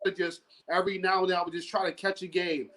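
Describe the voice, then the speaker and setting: A man from Yonkers telling stories in a casual sports chat, excited and slangy. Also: high-pitched, quick pace, low-quality recording. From Yonkers, New York. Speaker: co-host.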